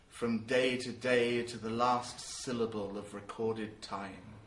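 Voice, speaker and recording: A man's voice: a bit bright, roomy sound, a little hiss or hum, low-quality recording. Man reading a weary, despairing king. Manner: slow, low and heavy. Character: weary despairing male king facing death.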